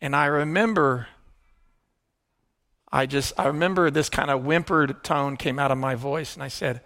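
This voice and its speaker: A middle-aged man preaching by telling his own testimony, earnest and hushed at tender moments, rising with excitement. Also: medium pitch, normal speed. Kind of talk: sermon storytelling.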